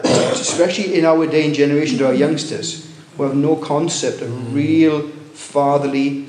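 A man preaching a sermon, telling a story with many restarts and rising excitement at its loud moments. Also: mid-range voice, reverberant, slight background noise. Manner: halting, many restarts, rises when telling of shouting.

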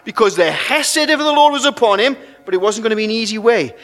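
A man preaching a sermon in an animated, conversational way, restarting phrases, with long hall reverb. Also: sits high, quick pace.

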